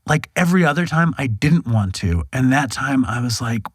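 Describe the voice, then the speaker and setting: A man's voice: mid-range voice, moderate pace, slightly rough, dry recording. Guy in his 40s telling his story straight, swearing, acting out what people said, dry close sound. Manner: frank, animated, acts out quoted dialogue, swears. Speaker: podcast guest. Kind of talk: candid storytelling interview. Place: podcast studio.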